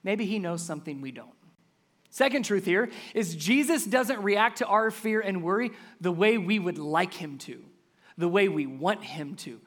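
A man preaching a sermon as pastor, earnest and building up to loud, emphatic passages. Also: high voice, animated, moderate pace.

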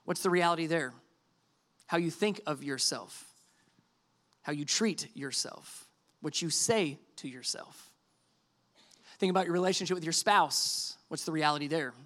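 A middle-aged man preaching a sermon, conversational and animated, acting out quoted dialogue. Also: a little high, a little slow, long pauses. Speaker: pastor.

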